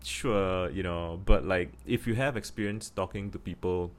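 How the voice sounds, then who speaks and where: A man's voice: low voice, normal speed. A man from Singapore with a Singaporean English accent, talking casually to camera and thinking aloud with many restarts. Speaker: vlogger.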